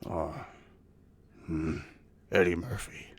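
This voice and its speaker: Man doing a deep, folksy dwarf. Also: flat delivery, takes it slowly, full character voice. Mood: friendly. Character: gruff friendly male dwarf townsman.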